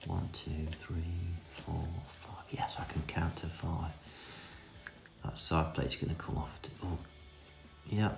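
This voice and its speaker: A man's voice: a bass voice, fairly even intonation, takes it slowly, vocal fry, whispered. A man giving a cheeky, self-mocking running commentary in a casual hands-on repair tutorial. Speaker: vintage reel restorer. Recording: echoey room with music behind.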